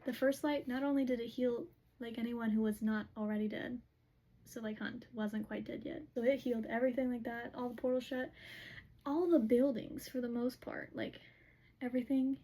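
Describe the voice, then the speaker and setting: A chatty woman retelling a story in a casual recap, her voice fairly high and breathy. She leans on "like" constantly as she runs through scenes and quotes the characters. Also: fairly even intonation, moderate pace, dark tone, rough recording. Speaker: book recap host.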